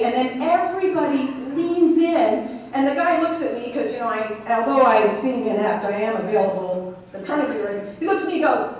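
Talking fairly quickly with hardly any pauses, a woman with a slightly high voice delivers a conference keynote in a big hall. She tells a humorous story, playing out each character with animation. The mic is far away, so the hall echoes, and there's slight background noise.

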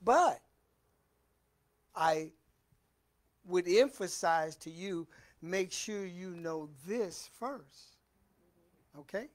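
A man with a high voice leads a Bible study in a church. He reads scripture slowly and with emphasis, then breaks off to talk loosely and ask the room questions. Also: animated. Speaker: preacher. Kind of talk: Bible teaching sermon. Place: church hall.

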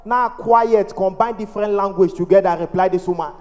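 A male comedian with a Ghanaian accent telling a stand-up story, lively and playful, slipping into mimicked voices. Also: high-pitched, brisk. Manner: animated, mimics voices, playful pidgin-flavored delivery. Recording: long reverb of a large hall.

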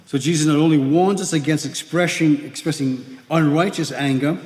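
A man's voice: a little high, steady tone, moderate pace, a little mellow. A male pastor preaching a sermon in a conversational way, often repeating himself and acting out little scenes. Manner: conversational preaching with repetitions and acted-out whispered gossip. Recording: echoey hall with long reverb.

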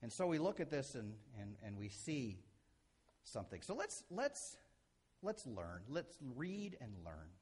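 A middle-aged man preaching a sermon as a pastor, animated, acting out quotes and shifting from loud to soft. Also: medium pitch, measured pace, breathy edge.

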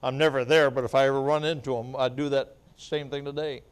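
This revival sermon comes from a male evangelist who tells his testimony before rising into loud, fervent preaching with amens and laughter. His medium-pitched voice is brisk and smooth with little pitch movement, and he sometimes chokes up, weeping.

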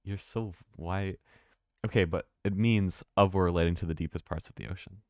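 A man's voice: low voice, steady tone, normal speed, darkish tone, no echo, studio quality. A man thinking aloud and swearing casually while live-streaming a video game.

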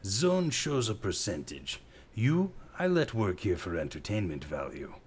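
A man's voice: on the low side, big pitch swings, unhurried, breathy edge, pitched above the performer's own voice, full character voice. A man voicing an ugly old male bartender who grunts and teases in broken English. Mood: needling.

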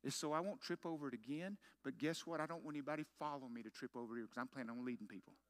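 A man's voice: medium pitch, rapid-fire. A middle-aged man preaching a sermon as pastor, telling a story with self-mocking humor and punchy rhetorical questions.

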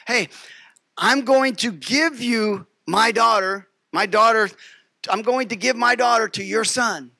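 A man's voice: very high voice, unhurried, vocal fry, bright, forceful tone, dry recording, full character voice. A man playing a father haggling over a dowry. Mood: bargaining. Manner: haggling, matter-of-fact. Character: old-time father bargaining off his daughter.

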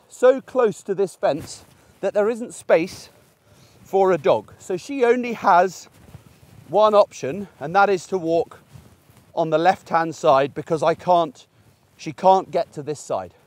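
A middle-aged man teaches a puppy outdoors, talking in a relaxed, chatty way. He leans on homely everyday examples to make each point. His voice sits a little higher than most men's. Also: takes it slowly. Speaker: gundog trainer. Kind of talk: outdoor training demonstration. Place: outdoors in a field by a fence.

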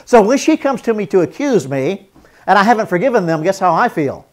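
A man's voice: high-pitched, big pitch swings, a little fast. A man teaching a marriage seminar as a pastor, earnest, repeating phrases for emphasis and acting out spoken apologies.

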